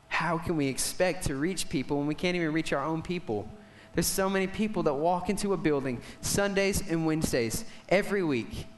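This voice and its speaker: A young man preaches with a somewhat high voice, climbing in pitch and volume when he presses a point, then dropping low and quiet while he tells the story. A faint hum of room ambience sits behind him. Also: brisk, hardly any pauses. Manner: impassioned, storytelling, swings from loud to hushed. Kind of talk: sermon.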